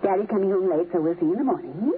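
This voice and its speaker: An actress playing a gentle, indulgent mother who soothes and fusses, in 1950s radio drama style, heard through a tinny, hissy old broadcast. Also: fairly low pitch, expressive, racing, natural voice. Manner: soothing, fussing.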